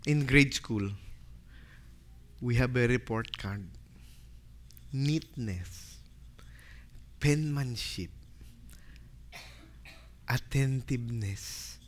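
A man preaching a sermon, dramatic and full of rhetorical questions, swinging from loud to hushed. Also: medium pitch, very slow, long pauses.

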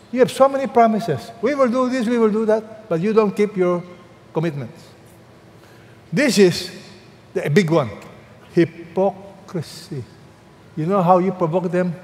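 A male pastor preaching a sermon, animated, calling on his congregation to read aloud with him. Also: high-pitched, long reverb tail.

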